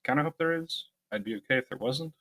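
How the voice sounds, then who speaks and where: A man's voice: medium pitch, fast, fairly bright tone. A man co-hosting a casual podcast chat, talking with emphatic enthusiasm. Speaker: podcast co-host.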